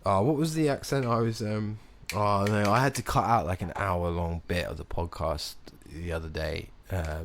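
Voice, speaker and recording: A man's voice: low voice, normal speed, slight background noise. A man co-hosting a podcast in casual chat, given to dry self-mocking jokes and frequent laughter. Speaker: podcast co-host. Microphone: podcast mic.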